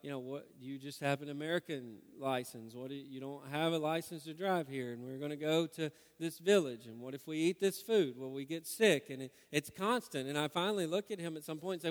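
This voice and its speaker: Earnest preacher in a reverberant hall. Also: male voice, on the high side, fairly quick, few pauses. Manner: earnest, swings from loud urging to hushed prayer. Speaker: pastor. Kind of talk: sermon. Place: church hall.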